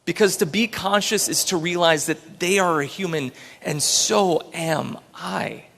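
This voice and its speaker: A man's voice: high-pitched, a little slow, gravelly, a bit bright, big-room sound. A man, an entrepreneur, giving an earnest, story-filled inspirational talk on a large auditorium stage.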